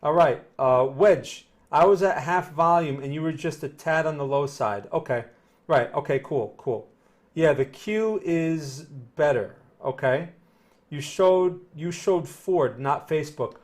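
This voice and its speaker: A man's voice: a little high, animated, measured pace. A middle-aged man with a New Jersey accent giving live market commentary, talking casually and answering viewer chat as he goes. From northern New Jersey. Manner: conversational, repeats himself, reads chat aloud. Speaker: market analyst streaming live.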